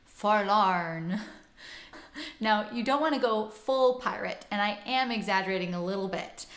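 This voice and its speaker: A woman teaching pronunciation, talking through lessons and modelling sounds with clear, exaggerated vowels. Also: mid-range voice. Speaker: singing teacher and host. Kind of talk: instructional lesson with spoken demonstrations. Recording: roomy echo.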